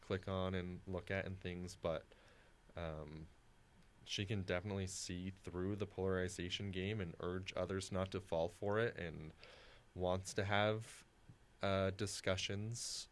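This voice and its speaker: A young man co-hosting a casual discussion podcast, talking in a thoughtful, halting way with many pauses. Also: low-pitched, steady tone. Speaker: co-host.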